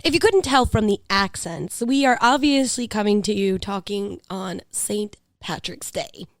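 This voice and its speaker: A woman's voice: medium pitch, measured pace, dry recording. A woman from the United States hosting a podcast in casual, playful, jokey chat. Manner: playful, jokey, laughs often. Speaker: podcast host.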